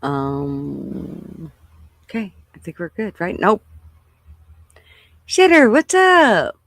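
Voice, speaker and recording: A woman's voice: on the low side, huge pitch swings, extremely slow, gravelly, no room sound. An older woman hosting a casual livestream, chatting loosely, swearing freely and greeting viewers by name at her computer. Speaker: livestream host.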